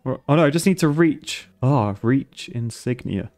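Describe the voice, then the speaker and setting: A man's voice: medium pitch, expressive, normal speed, a little mellow, faint music behind. A man commentating his gameplay on a stream, thinking aloud and laughing often.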